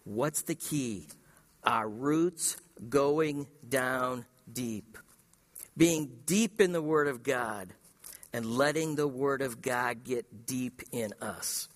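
A man preaching a sermon as pastor, emphatic and repetitive, in a church sanctuary. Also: mid-range voice. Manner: emphatic preaching with repetition and slow dramatic pauses. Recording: long hall reverb.

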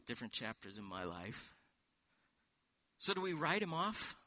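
A man's voice: medium pitch, big pitch swings, normal speed, bright, forceful tone. A man preaching a sermon in a church, walking through a scripture passage with rhetorical questions and quoted verses. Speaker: pastor.

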